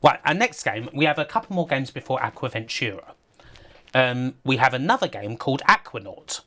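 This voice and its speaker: A man's voice: mid-range voice, very animated, a little fast, pushed and bright. A man giving casual, rambling livestream commentary over a game, laughing often and talking to his chat. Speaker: streamer.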